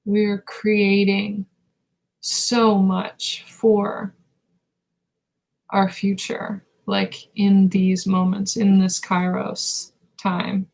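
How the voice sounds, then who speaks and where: Slow and meditative, this intuitive reader's gravelly voice carries heavy fry as she gives a live spiritual reading with an even, unvarying pitch. Frequent halts, pauses and fillers mark her hunt for words, all on a rough recording.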